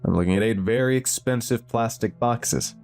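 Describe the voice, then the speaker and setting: A man's voice: mid-range voice, normal speed, a little mellow, soft background music, close to an everyday voice. A man voicing a humorless, bearded army general with a German accent, blunt and skeptical.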